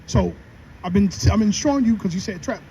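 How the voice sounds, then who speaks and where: A man's voice: high voice, expressive, a little fast, gravelly, warm tone, dull audio, a little hiss or hum. A man earnestly explaining Bible verses in a casual street teaching style.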